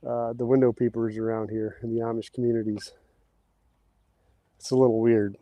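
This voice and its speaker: Here a man livestreams casually from outdoors, digging post holes while chatting with his audience and reading their comments, occasionally short of breath. He speaks at a moderate pace in a dark-toned, mid-range voice with little pitch movement, and there's no room sound.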